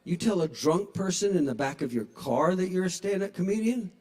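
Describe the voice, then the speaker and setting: A man's voice: high-pitched, expressive, brisk, hardly any pauses, warm tone. A man in his sixties doing a stand-up comedy set in a small bar, telling wry, profane stories into a stage microphone. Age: 60s.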